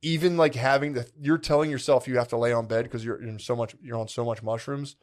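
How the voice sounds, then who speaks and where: A man's voice: medium pitch, steady tone, quick pace. A man co-hosting a podcast, telling a long rambling story in casual chat, full of "like" and "dude" and acting out his own past thoughts. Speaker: podcast co-host.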